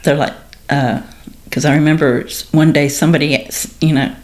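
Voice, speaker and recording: A middle-aged woman candidly telling her story in conversation, with dark humor, acting out the exchanges she quotes. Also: normal speed. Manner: dark humor, acts out quoted exchanges with lively pitch jumps. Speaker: guest sharing her story.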